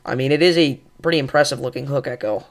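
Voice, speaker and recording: A man hosting live severe weather coverage, calmly reassuring viewers and thinking aloud with fillers as he reads radar. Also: medium pitch, fast talker. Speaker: weather livestream host.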